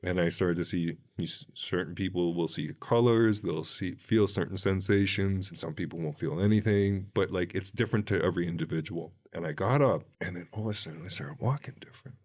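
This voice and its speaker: A man speaking as a podcast guest, telling personal stories in an animated way and acting out the dialogue he quotes. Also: low-pitched, a little fast, few pauses. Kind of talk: candid personal storytelling.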